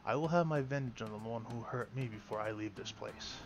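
A man's voice: medium pitch, brisk, close to an everyday voice. A fierce Celtic goddess, solemn and vengeful, declaring each line, as a man voices her. The voice is only a little lifted, with music behind.

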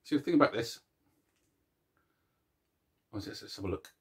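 A man's voice: lowish voice, animated, moderate pace, slightly rough. A man hosting a casual video chat, joking and mocking himself while eating chocolate. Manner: jokey and self-mocking, chuckles at his own puns; eats chocolate while chatting. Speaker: host.

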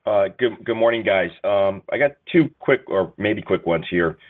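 A man's voice: fairly low pitch, expressive, normal speed. A man calling in as an analyst, asking long rambling questions full of fillers on an earnings call. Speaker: analyst caller. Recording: tinny phone line.

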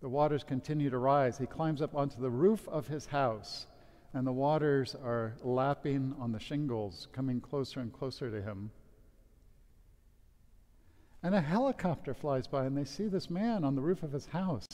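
A man's voice: medium pitch, moderate pace, a little mellow. A man officiating a wedding as priest, giving a casual homily with a joke. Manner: casual, joking storyteller. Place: church. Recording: long church reverb.

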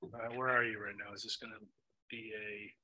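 A man narrating a tabletop game as game master, relaxed and full of ums. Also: fairly low pitch, brisk, a crowd in the background, low-quality recording. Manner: relaxed, filler-heavy narration with many ums.

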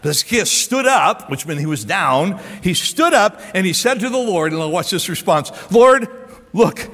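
An American man preaching a sermon as pastor, animated and acting out quotes and asides, recorded live in a large church auditorium on a stage microphone. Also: sits high, normal speed. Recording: live sermon with long hall reverb.

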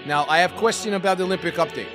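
A man's voice: high voice, very animated, takes it slowly, music in the background, voice pushed up, exaggerated voice. A man playing a brash, crude Russian podcast host in a put-on Russian accent with broken English and dropped articles. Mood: boastful. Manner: loud and hammy, dropping articles.

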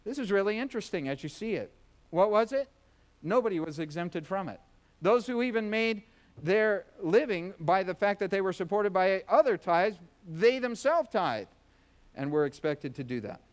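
A male pastor delivers a sermon in a church, with a fairly high voice. He talks in a folksy, joking way and acts out quick voices. The tone stays conversational as he teaches. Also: lively intonation.

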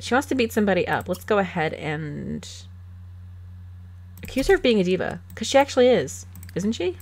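Very animated and a little fast, this woman has a mid-range, darkish voice. Hosting a gaming channel from a desk mic, she sassily comments on her life-sim game, laughing a lot while ordering her characters about.

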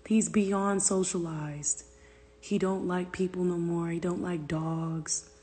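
Her voice sits fairly low, warm and breathy, with fairly even intonation and a long reverb tail as she takes her time. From her family room, this woman rambles through a casual phone livestream, reading comments, cursing loosely, and slipping into whispers now and then.

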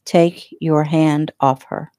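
A woman voicing a tough, quiet lawman. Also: fairly high pitch, steady tone, normal speed, no echo, clean studio sound, close to an everyday voice. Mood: quietly menacing. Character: tough wounded male undercover lawman, quietly commanding.

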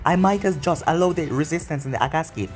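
Brief: man reading a fierce, grieving young emperor, fairly high voice, faint music under it. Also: fast, lightly acted. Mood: intense.

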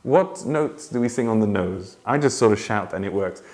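Man, ukulele teacher, casual tutorial, lively intonation, ukulele strumming throughout. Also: fairly low pitch, moderate pace, over loud music. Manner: chatty, laughs often, breaks into singing. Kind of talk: casual tutorial talk with sung demonstrations. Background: ukulele playing.

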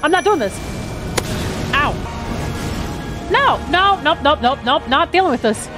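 A young woman gives let's play commentary in a high voice that swings wildly up and down. She is excitable and swears freely, breaking into yelps and strings of repeated cries, yet her steady talk stays unhurried. Game music plays clearly under her voice. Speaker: gamer streamer.

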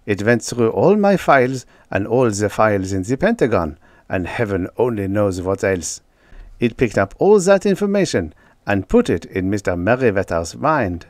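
A man voicing an excitable middle-aged male German physicist with a German accent, eagerly explaining. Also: fairly low pitch, moderate pace, dry recording, studio quality. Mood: excited.

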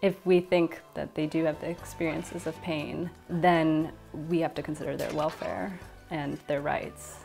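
A woman speaking carefully with pauses and fillers in a documentary interview as an academic. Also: low voice, little pitch movement, creaky, a little mellow, faint music behind.

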